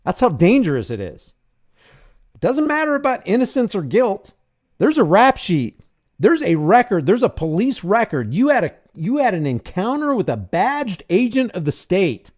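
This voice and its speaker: A man's voice: sits high, sing-song, normal speed, a little mellow. A man hosting a live commentary stream, talking in an impassioned, preachy way. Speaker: host.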